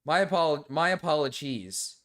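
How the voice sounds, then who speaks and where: A man live-streaming casually, reacting to videos and talking to chat, excitable and quick to yell, then sheepishly apologize. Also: on the high side. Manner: excitable, swings between yelling and sheepish apologies.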